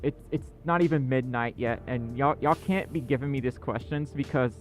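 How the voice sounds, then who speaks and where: A male livestream host chatting casually with viewers, excitable and self-deprecating. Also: mid-range voice, normal speed, soft background music.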